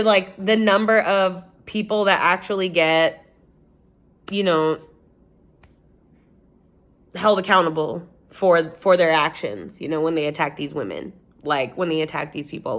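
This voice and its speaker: A woman's voice: mid-range voice, a bit bright. A young woman talking straight to her own camera, loose and rambling as she tells a story. Her voice sits in a middle range, and she peppers everything with "like" and casual swearing. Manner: rambling, swears a lot, heavy use of "like". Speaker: vlogger.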